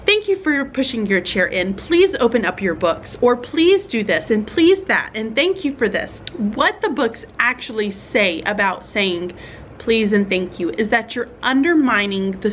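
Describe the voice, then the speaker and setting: A young woman teacher, chatting casually to other teachers in a vlog and thinking out loud with fillers and small laughs. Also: a little high, a little hiss or hum.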